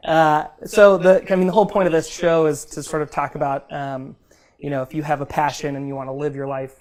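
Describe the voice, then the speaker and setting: A woman's voice: low-pitched, steady tone, brisk, a little mellow. A woman hosting a casual interview, rambling a little with lots of fillers and joking at her own expense. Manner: rambling, self-deprecating, many fillers. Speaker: podcast host.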